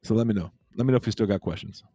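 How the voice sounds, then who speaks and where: Male livestream host, low mellow voice, loose repetitive chatter, dry close mic. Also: very fast, breathy edge, soft background music. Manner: laid-back, repeats himself, reads chat aloud. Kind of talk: casual livestream chat with viewers.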